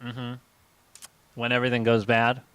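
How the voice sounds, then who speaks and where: A man's voice: medium pitch, monotone, moderate pace, fairly bright tone, clear, resonant tone, no echo. A man co-hosting a comedy live stream, telling a rambling story in casual chat with lots of fillers. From United States.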